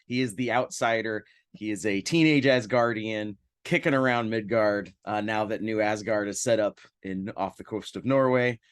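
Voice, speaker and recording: A man's voice: on the low side, normal speed, few pauses, smooth, dry recording, clean studio sound. A man playing in an online tabletop game, describing his character in a playful, theatrical way. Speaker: player.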